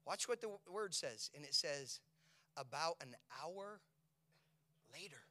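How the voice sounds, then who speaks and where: A male preacher delivers a sermon in a bright, forceful voice that sits a little high for a man. He keeps asking his listeners questions. He falls to hushed whispers, then builds to shouted peaks. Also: animated, measured pace. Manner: swings from hushed whispers to loud, shouted climaxes; asks the congregation rhetorical questions.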